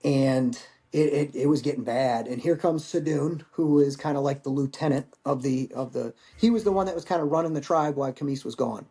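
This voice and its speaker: With a warm, mid-range voice, this man talks fairly quickly and hardly pauses. In his forties and a Marine veteran, he's a podcast guest sharing stories in a candid, wandering style, swearing as casually as he talks.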